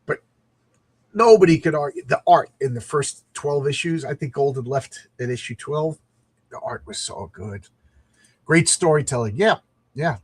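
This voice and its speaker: A man's voice: fairly high pitch, expressive, moderate pace, breathy edge, dry recording. A middle-aged man chatting casually as he reviews a comic book, rambling and reading panels aloud.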